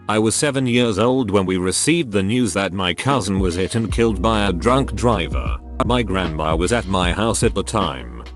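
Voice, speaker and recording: A man narrating forum posts aloud in an even, mechanical read-through, spelling out letters as written. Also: on the low side. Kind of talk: scripted narration.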